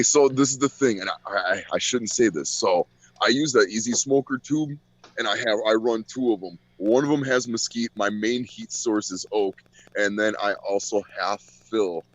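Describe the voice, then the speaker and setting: This lowish male voice comes through dull, dry, lo-fi audio with no echo. Chatting casually on a podcast, he tells profane stories and acts out the people in them with quoted voices.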